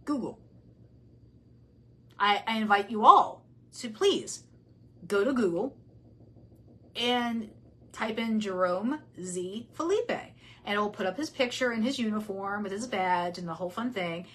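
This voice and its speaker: A woman's voice: mid-range voice, lively intonation, a little slow, long pauses, low-quality recording. A woman hosting a true crime channel, giving casual commentary as she reads messages aloud, blunt and heated as she talks back to the person she discusses.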